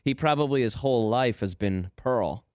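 A man's voice: medium pitch, normal speed, darkish tone, no room sound. A man co-hosting a casual chat, wry and dry, steering the talk with questions.

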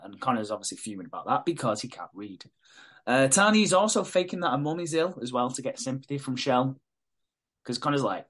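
A man's voice: medium pitch, sing-song, a bit bright, husky. Man casually recapping a show. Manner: swearing, acting out characters' lines in quick asides. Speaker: podcast host.

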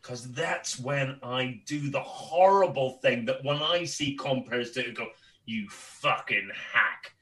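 A man's voice: mid-range voice, a little slow, hardly any pauses, recorded from a distance, poor audio. A man with a Northern Irish accent, a comedian chatting on a podcast and telling stories, rambling with stammered restarts and plenty of swearing. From Northern Ireland. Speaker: guest comedian. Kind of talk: casual podcast chat.

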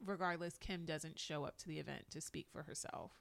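A woman's voice: low voice, a little fast, gravelly. A woman co-hosting a podcast, chatting casually and filling her talk with "like". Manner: chatty, lots of "like" fillers, quoting people in put-on voices. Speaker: podcast co-host. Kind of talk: casual recap chat.

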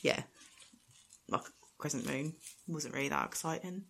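Chatty woman with a lowish voice. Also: unhurried, vocal fry. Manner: animated storytelling with acted quotes and laughter. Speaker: podcast co-host. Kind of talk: casual chat recapping a film.

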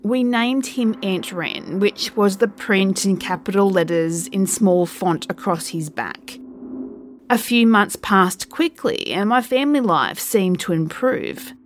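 Lady telling a creepy story real slow, calm and measured, bit of background noise. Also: mid-range voice. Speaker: narrator. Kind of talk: first-person horror story narration.

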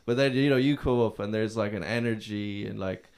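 A man's voice: lowish voice, brisk, darkish tone, smooth. A man in casual chat, rambling and hesitant, with plenty of filler words.

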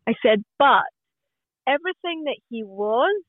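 A woman's voice: a little high, lively intonation, a little slow, no room sound. Woman on a tinny phone line. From Scotland. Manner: open, chatty, many restarts and fillers. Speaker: guest. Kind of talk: casual podcast conversation.

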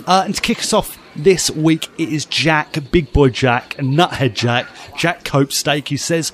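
A man's voice: on the high side, lively intonation, unhurried, hardly any pauses. A man in his thirties from England co-hosting a podcast, chatting casually with enthusiastic banter. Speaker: podcast co-host. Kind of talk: casual chat.

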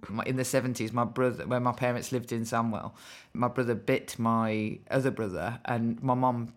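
A woman's voice: rumbling low, steady tone, moderate pace. Podcast host: woman, West Midlands accent, dry wry asides, chatty interview manner. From West Midlands, England. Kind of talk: casual conversational interview.

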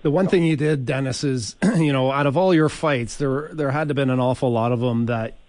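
A man's voice: mid-range voice, a little fast, darkish tone, no room sound. Chatty man co-hosting, dry sound. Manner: chatty, reminiscing questions. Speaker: podcast co-host, former teammate. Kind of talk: conversational interview.

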